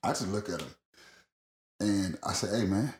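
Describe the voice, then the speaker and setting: A man's voice: deep voice, normal speed, echoey room. A man telling a long rambling story in casual podcast chat, laughing often and swearing freely. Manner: rambling, laughing, profane, animated.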